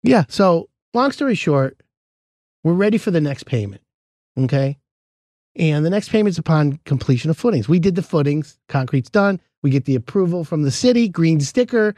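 Animated high-voiced male storyteller. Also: moderate pace, dry recording. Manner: animated, acts out quoted dialogue. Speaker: podcast host, home contractor. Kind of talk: casual storytelling chat.

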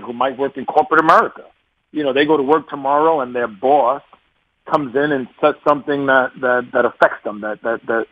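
Animated man on a muffled remote call. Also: mid-range voice, husky, no echo. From New York. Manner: animated, laughs often, repeats words when starting sentences. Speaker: guest. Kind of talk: casual conversational interview.

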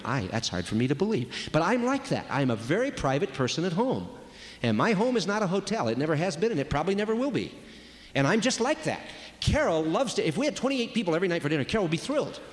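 A man giving a conversational sermon on marriage, acting out quoted voices as he goes. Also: sits high. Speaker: speaker at a marriage retreat. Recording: long reverb of a large hall.

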